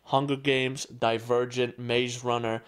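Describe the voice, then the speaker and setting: A man's voice: mid-range voice, little pitch movement, unhurried, clear, resonant tone. A man co-hosting a podcast in casual chat, ranting with dry exasperation and casual swearing. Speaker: podcast co-host.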